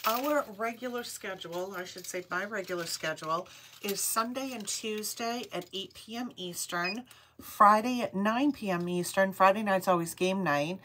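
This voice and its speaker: A woman's voice: medium pitch, moderate pace, fairly bright tone. A middle-aged woman with a Rhode Island accent, hosting a live jewelry sale stream and chatting casually, greeting viewers by name and repeating item numbers. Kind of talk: live-stream sales chat.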